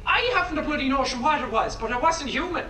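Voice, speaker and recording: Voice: high-pitched, expressive, fast talker, bright, forceful tone, slight background noise. A voice actor playing a nervous male factory worker, rambling through a story. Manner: nervous, rambling, swears mildly. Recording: echoey tape recording from a distance.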